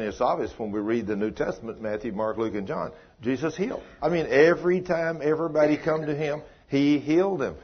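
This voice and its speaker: Husky older preacher. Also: male voice, medium pitch, lo-fi sound. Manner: folksy, emphatic preaching with rising exclamations. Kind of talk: sermon teaching.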